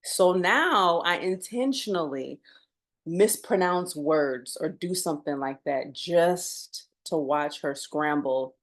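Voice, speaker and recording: Low-voiced woman, easy podcast chat. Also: slow. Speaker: podcast co-host. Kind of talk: casual chat.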